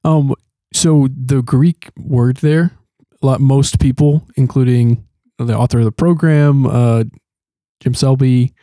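A man's voice: mid-range voice, fairly even intonation, slow, mellow, no room sound, clean studio sound. A man hosting an education podcast, asking guiding questions and being a little pedantic about pronunciation. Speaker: podcast host. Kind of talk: casual panel discussion.

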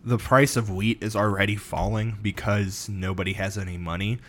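A man's voice: fairly low pitch, fairly even intonation, moderate pace. A tired man co-hosts a casual podcast, rambling through a history story. He laughs often and stumbles over names as he goes. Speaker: podcast co-host. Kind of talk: casual chat.

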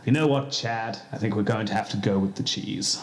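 A man's voice: lowish voice, brisk, reverberant, lightly acted. A man playing a bossy, flustered male cheesemonger who pushes his partner for ideas and sounds exasperated. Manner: pushy, exasperated, brainstorming aloud.

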